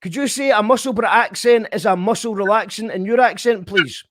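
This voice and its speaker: A man hosting a casual live stream, excitable and given to swearing and shouting when thrilled. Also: high-pitched, fairly quick, no echo. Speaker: host of a live stream show.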